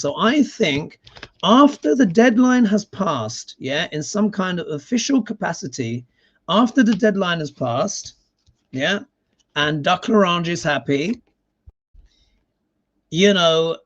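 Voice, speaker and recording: A man giving a live tarot reading in casual, sarcastic talk, often tagging his points with a questioning "yeah?". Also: fairly high pitch. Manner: sarcastic, emphatic, keeps adding "yeah?" tags. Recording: dull lo-fi sound.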